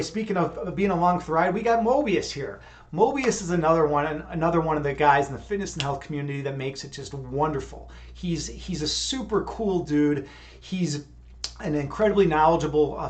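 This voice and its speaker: Male streamer, somewhat high voice, loose rambling chat, swears and laughs freely. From Chicago. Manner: rambling, profane, laughs often, restarts words. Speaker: streamer leading meditation. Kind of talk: casual live-stream chat.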